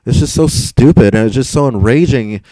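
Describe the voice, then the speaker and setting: A man's voice: medium pitch, moderate pace, mellow, no echo, rough recording. A young man live streaming and answering chat, frustrated and rambling, swearing and stumbling over repeated words.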